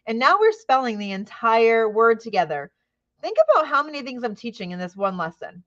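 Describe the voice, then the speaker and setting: A woman's voice: fairly high pitch, very animated, brisk, a bit bright, dull audio. Upbeat woman teacher explaining a lesson. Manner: upbeat, frequent "right?" tags, models classroom questioning. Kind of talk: teacher training presentation.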